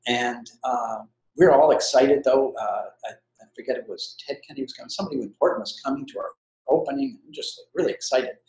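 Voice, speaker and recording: A man's voice: mid-range voice, fast, a little mellow. Older man telling a rambling story. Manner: rambling, self-deprecating storyteller. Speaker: retiring co-founder being interviewed. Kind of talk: anecdotal storytelling in conversation. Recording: roomy echo.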